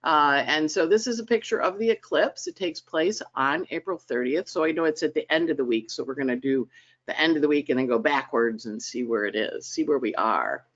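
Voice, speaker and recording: A woman hosts a weekly astrology forecast over a conference call line, chatty and animated with dramatic emphasis. Her voice sits low and runs a little fast, with the highs cut off.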